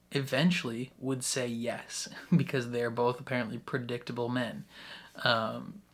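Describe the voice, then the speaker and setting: A man hosting a casual reaction video, rambling excitedly with frequent laughs and restarts. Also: mid-range voice, measured pace. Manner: excitable, laughs often between thoughts; rambling with many restarts and fillers. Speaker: YouTube reaction host.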